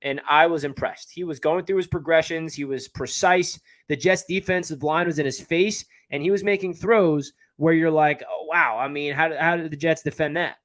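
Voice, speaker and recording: A man with a New York area accent hosting a casual live stream, chatting and answering viewer comments as he reads them. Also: fairly high pitch. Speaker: livestream host.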